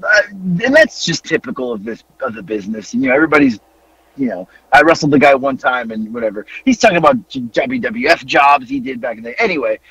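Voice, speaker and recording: A man's voice: medium pitch, fast talker, vocal fry, husky, no room sound, low-quality recording. A man hosting a podcast, telling a story in a casual chat. He swears freely and keeps breaking into laughter. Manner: animated, profane, laughing through his story. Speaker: podcast host.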